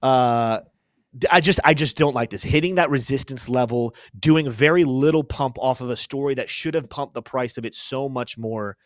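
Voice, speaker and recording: A man's voice: medium pitch, moderate pace, dry recording, clean studio sound. A young man hosting a live crypto show, chatting casually through chart commentary with joking, self-deprecating asides.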